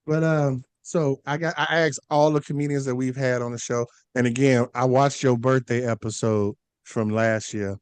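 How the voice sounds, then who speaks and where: Easygoing Chicago host, dry close sound, casual interview. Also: male voice, mid-range voice, fairly even intonation, normal speed, hardly any pauses, smooth, no echo. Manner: easygoing, asks questions. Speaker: podcast host.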